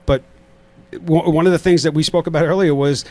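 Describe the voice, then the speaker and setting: A middle-aged man with a New York accent hosts a casual studio interview. His voice sits a bit high for a man, and he rambles through fillers and false starts as he talks. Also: fairly even intonation, a little fast, a little mellow. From Queens, New York. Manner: rambling, many fillers and restarts. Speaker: podcast host.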